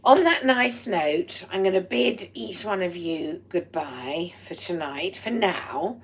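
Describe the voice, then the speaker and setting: Slow, low-voiced woman with a throaty voice. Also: expressive. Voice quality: throaty, strained voice. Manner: slow and deliberate, drifting into breathy whispered asides; proper, slightly formal phrasing. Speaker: vlogger. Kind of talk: rambling personal vlog monologue. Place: at home while cooking. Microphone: speaking into a microphone.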